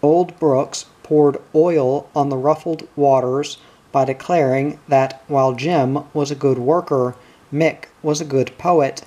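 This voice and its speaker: A man reading an audiobook in a measured, even narration. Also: fairly high pitch. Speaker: audiobook reader.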